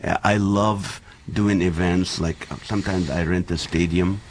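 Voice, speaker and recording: A middle-aged man from the Middle East telling funny stories in a casual, animated chat as a guest. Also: low-pitched, unhurried, a little hiss or hum. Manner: animated storytelling with jokes.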